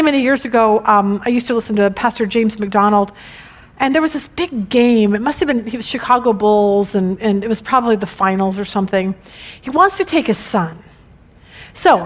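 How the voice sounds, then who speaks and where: A middle-aged woman teaching a women's Bible study lesson, animated and emphatic, with frequent restarts. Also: a little high, normal speed.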